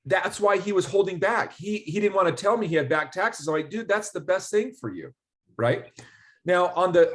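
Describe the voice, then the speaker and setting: A man explaining a business tax refund in a casual interview, telling stories and acting out conversations. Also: a little high. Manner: animated storyteller, acts out quoted dialogue. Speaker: ERC specialist guest.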